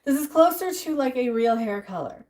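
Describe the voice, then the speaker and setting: A woman's voice: high-pitched, animated, moderate pace, a little mellow. A woman hosting a casual cooking livestream, chatting to viewers and talking herself through each step as she works. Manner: chatty, talks to herself and answers chat while cooking. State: out of breath at times. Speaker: livestream host.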